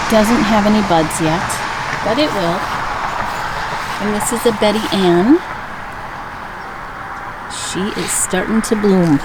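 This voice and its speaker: A woman from Minnesota talking through a casual tour of her home garden, chatty and fond of her plants. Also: mid-range voice. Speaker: vlogger giving a garden tour. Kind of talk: casual walking commentary. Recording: loud outdoor background noise.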